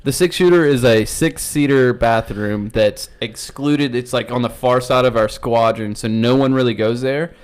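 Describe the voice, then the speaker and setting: A man's voice: mid-range voice, normal speed, hardly any pauses, clear, resonant tone. A young man co-hosting a podcast, talking in crude casual banter, swearing and saying "dude" constantly. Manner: profane, animated, says "dude" constantly. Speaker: podcast co-host.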